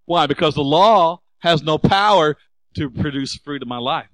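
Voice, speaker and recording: A man preaching a sermon, animated and asking the congregation rhetorical questions. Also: on the high side, moderate pace, dry recording, rough recording. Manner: acts out quoted voices. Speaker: pastor.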